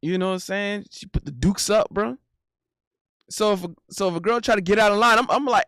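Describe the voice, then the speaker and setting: A man streaming casual banter in a playful, animated way, breaking into silly sound effects. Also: high voice, fast, smooth, dry recording, studio quality.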